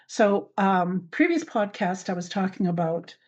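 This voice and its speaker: Woman elder, halting, lo-fi recording. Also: medium pitch, expressive. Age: older. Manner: halting, many fillers and restarts. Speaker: podcast host. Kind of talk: personal spoken account. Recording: dull lo-fi recording.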